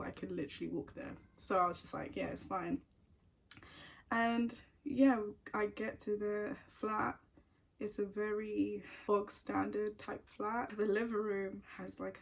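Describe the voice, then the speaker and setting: A woman's voice: mid-range voice, vocal fry, breathy edge. A young woman telling a personal story at home in a chatty, casual way, full of "like" fillers. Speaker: vlogger.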